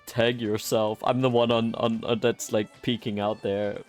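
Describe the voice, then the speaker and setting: A man's voice: medium pitch, flat delivery, measured pace, faint music behind. A man streaming a game, chatting casually, easily delighted and cursing now and then. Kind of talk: casual gameplay commentary.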